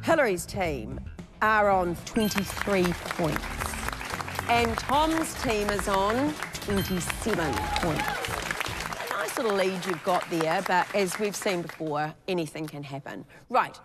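Upbeat New Zealand woman hosting a game show. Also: lowish voice. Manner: teasing, upbeat.

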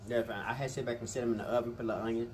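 A man hosting an eating vlog, chatting casually and very quickly with lots of energy. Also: mid-range voice, a little hiss or hum. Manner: rapid, animated, chatty, says he talks fast. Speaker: mukbang host.

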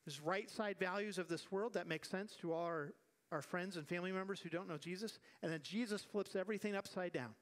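Animated male pastor preaching a sermon. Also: high voice, fairly quick. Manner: animated preaching with acted-out quotes and repeated refrains. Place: church sanctuary.

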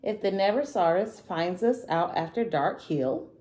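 Woman voicing a timid baby ape, shivery, hesitant, slow, storybook. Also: medium pitch, expressive, dark tone, close to an everyday voice. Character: timid little baby ape, easily frightened.

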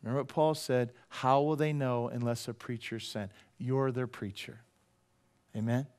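A man preaching a sermon as pastor, conversational and jokey, swinging between loud emphasis and quiet asides. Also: mid-range voice, fairly even intonation. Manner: jokey, drops into quick playful voices.

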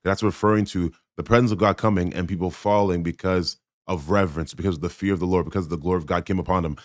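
A man's voice: sits low, fairly even intonation, quick pace, no echo, clean studio sound. A man giving blunt, critical reaction commentary on a sermon clip, speaking emphatically. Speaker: Christian commentator.

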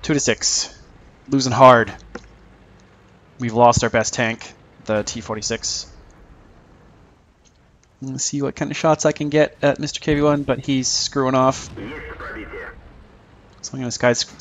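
A man giving casual, joking commentary over his own tank gameplay, mocking himself and chuckling often. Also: mid-range voice.

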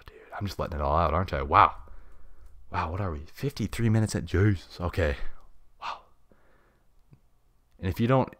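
Fast-talking deep-voiced guy ranting. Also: no room sound, clean studio sound. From United States. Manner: slangy and blunt, heavy on "dude" and "bruh". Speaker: podcast host. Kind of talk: casual solo podcast rant.

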